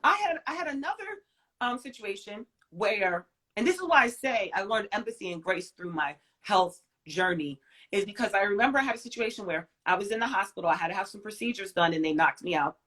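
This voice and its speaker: Animated woman telling a personal story. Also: mid-range voice, fairly quick. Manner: animated, emphatic storyteller with sudden loud and soft swings. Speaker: guest.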